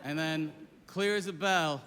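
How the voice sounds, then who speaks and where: A man's voice: a little high, unhurried, a bit bright. A man performing a stand-up comedy set on a stage before a live audience, with erratic, yelping outbursts. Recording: live hall with audience noise.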